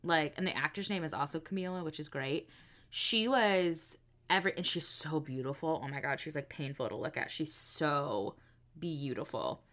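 A young woman co-hosting a podcast, giving blunt, animated opinions in casual chat. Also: low voice, a little fast. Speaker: podcast co-host.

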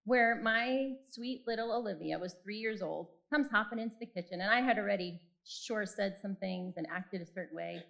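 A woman's voice: mid-range voice, moderate pace, creaky, hardly any pauses, fairly bright tone, low-quality recording. A woman in her forties giving a personal faith talk, candid and self-deprecating as she tells stories from her own life. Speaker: speaker.

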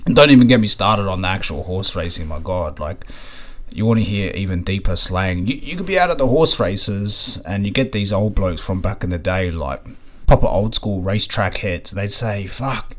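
A man's voice: sits low, animated, moderate pace. A man with an Australian accent, hosting a podcast and telling stories in a loose, rambling way, swearing casually and leaning on fillers like "you know what I mean". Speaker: podcast host. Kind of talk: casual storytelling monologue.

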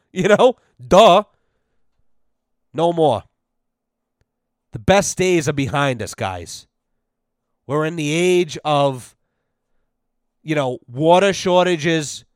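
A man's voice: fairly high pitch, no echo, studio quality. A young man hosting a podcast, ranting in a rambling, profane, sarcastic way, filling his talk with "you know". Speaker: podcast host. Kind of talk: casual comedic rant.

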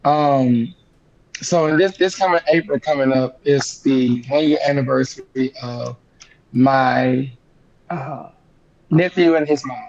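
A young man, an interview guest telling a painful family story in casual conversation, animated and emotional as he acts out the dialogue. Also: mid-range voice, measured pace. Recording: dull lo-fi sound.

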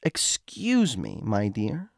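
A man voicing a creepy, frail-sounding old woman in a soft, slow falsetto. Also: wildly swooping pitch, vocal fry, no room sound, clean studio sound, full character voice. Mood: wheedling.

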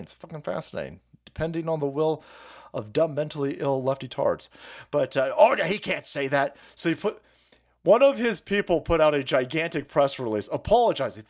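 A man's voice: on the high side, darkish tone. A man hosting a political livestream, ranting in a profane, combative and sarcastic way. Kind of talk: ranting commentary.

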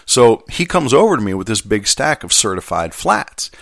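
Gravelly low-voiced man telling a story. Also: very animated, normal speed, a bit bright, no room sound, studio quality. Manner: conversational, rambling, with self-deprecating asides. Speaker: mail carrier. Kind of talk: casual storytelling.

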